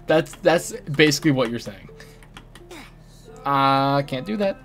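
Young american guy streaming a game, teasing chat, quiet music and typing in the background. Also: mid-range voice, lively intonation, takes it slowly, long pauses. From United States. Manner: teasing, banters with chat and friends. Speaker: gaming streamer. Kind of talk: casual live-stream chatter while playing. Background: faint music and keyboard typing.

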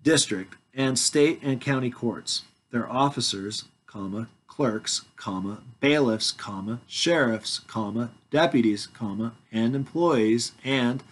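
A vlogger in his forties reads his legal documents aloud word by word, naming every comma, parenthesis and bold heading for his viewers. His voice is middle-pitched, and he occasionally stops to speak directly to his audience.

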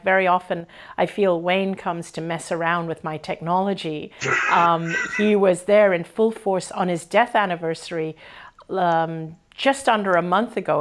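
A woman hosting a live-stream conversation, speaking warmly and effusively and reading viewer comments aloud. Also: fairly low pitch. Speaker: host.

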